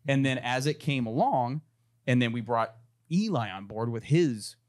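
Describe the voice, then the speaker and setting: Blunt, animated man telling stories. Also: medium pitch, moderate pace. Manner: animated, blunt, swears freely. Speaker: guest, gun company marketer. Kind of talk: casual storytelling.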